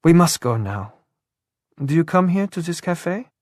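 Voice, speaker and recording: A man voices a shy, eager young woman who talks breathlessly and apologetically, pitching his voice above his natural one. The delivery is slightly high and a bit mellow, with big swings in pitch and a measured pace, captured as a clean, dry studio recording.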